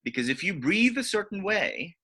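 A man in casual conversation, telling animated stories and acting out what others said. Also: normal speed, husky. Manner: animated, acts out quotes with big pitch jumps. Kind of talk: casual storytelling chat.

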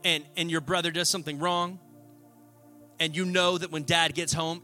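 Animated high-voiced preacher, bright tone. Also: male voice, fairly quick, soft background music. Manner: animated storytelling, acting out voices; conversational, with frequent "right?". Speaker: pastor. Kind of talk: sermon.

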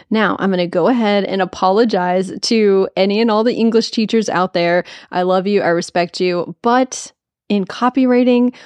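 A woman's voice: on the low side, darkish tone, dry recording, clean studio sound. A woman hosting a podcast, giving a casual, upbeat spoken lesson on copywriting with playful asides. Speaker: podcast host teaching copywriting.

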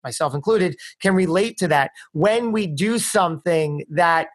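A podcast host speaks in a reflective, thoughtful way. They ask questions at a medium pitch, and the sound is dry and close to the mic. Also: lively intonation, measured pace, dry recording. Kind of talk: conversational interview.

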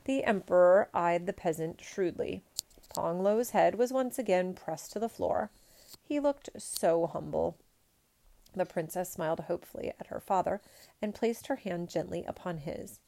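A woman reading a picture book aloud in a measured, expressive storytelling manner. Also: fairly low pitch, creaky.

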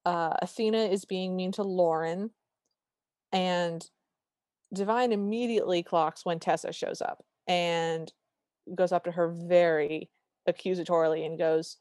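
A fairly low-voiced woman co-hosting a podcast, recorded dry and close. She recaps a movie in animated chat, quoting the characters along the way. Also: a little slow, no room sound. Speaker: podcast co-host.

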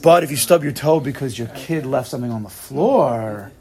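Animated man teaching a Torah class. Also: medium pitch, moderate pace. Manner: animated, acts out little dialogues, frequent repeats.

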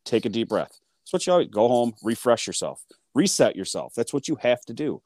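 A man co-hosting a casual hockey chat, excitable and full of fillers, acting out his own reactions. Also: medium pitch, fairly quick, dry recording. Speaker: sports podcast co-host.

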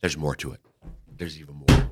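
A male radio host teaching the Bible in a conversational way. He thinks aloud with frequent restarts and slows down to stress key points. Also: rumbling low, steady tone, slightly rough.

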